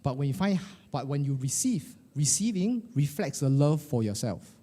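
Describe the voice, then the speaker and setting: A middle-aged man, coaching a live group of financial advisors in a lively, colloquial way, firing questions at the room. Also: a little high, normal speed. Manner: animated, questioning the audience, colloquial with "lah" and "eh". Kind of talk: motivational workshop talk to a live group.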